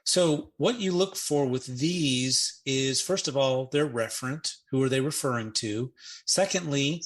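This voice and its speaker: A man co-hosting a grammar podcast in an easygoing, explanatory way. He walks through word forms slowly and adds playful jokes. His voice sits at a middle pitch. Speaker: Greek grammar podcast co-host. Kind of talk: casual teaching chat. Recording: podcast audio.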